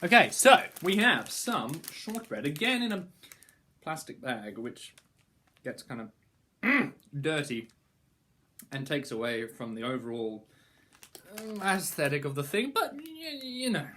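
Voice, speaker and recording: A man's voice: fairly high pitch, very animated, slow pace, long pauses, bright, forceful tone, slight background noise. Playful rambling young male reviewer. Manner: rambling, playful, mock-grand praise. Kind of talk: casual product review vlog.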